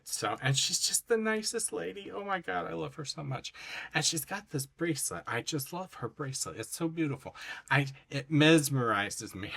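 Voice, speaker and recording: Bright-voiced chatty man. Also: mid-range voice, gravelly. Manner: chatty, rambling, effusive. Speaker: coloring channel host. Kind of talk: casual chat showing finished coloring pages.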